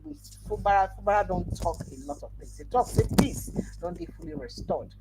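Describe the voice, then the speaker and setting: A woman's voice: medium pitch, brisk, vocal fry. A Nigerian woman hosting a livestream news roundup, reading headlines and commenting in a chatty Pidgin-mixed way. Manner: chatty, animated, reads headlines then comments. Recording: noisy livestream audio.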